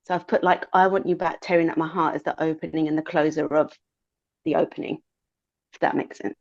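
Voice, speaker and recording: A woman's voice: low voice, fairly even intonation, fairly quick, creaky. A British woman chatting casually on a fan podcast, thinking aloud with fillers as she talks. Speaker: podcast co-host. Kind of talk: casual chat. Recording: muffled lo-fi audio.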